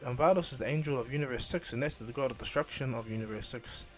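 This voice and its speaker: A man casually improvising a fan story retelling, rambling and halting with fillers. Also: mid-range voice, faint music behind.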